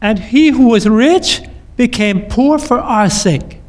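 A man preaching a sermon in a measured, liturgical cadence, ending in a blessing. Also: very high-pitched, expressive, darkish tone. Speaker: pastor.

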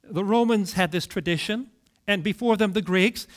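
A man preaching a sermon, telling the story with dramatic pauses and big swings between soft and loud. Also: high-pitched.

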